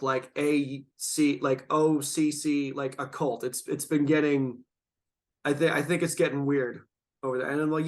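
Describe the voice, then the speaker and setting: A man hosting a casual podcast chat, rambling and drawn-out, stoned and yawning, laughing often. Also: on the high side, steady tone. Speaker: podcast host.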